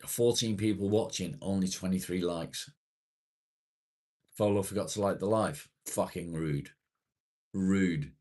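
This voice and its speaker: A man with a low-sitting voice hosts a casual live stream, reading viewers' comments aloud. He swears freely and rambles in a self-deprecating way.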